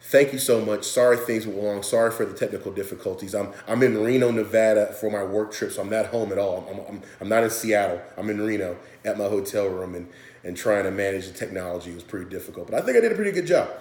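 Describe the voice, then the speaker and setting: Halting, earnest man in an echoey room. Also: on the low side, a little mellow. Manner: halting, earnest, with many restarts. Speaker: presenter. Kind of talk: recorded presentation. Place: hotel room.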